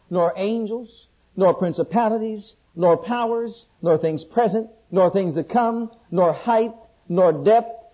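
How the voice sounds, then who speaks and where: A man with a somewhat high, husky voice preaches a sermon. He swings between loud, ringing questions from scripture and soft, close pleading, and asks the congregation to answer him. The recording is dull and lo-fi. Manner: call-and-response questions to the congregation.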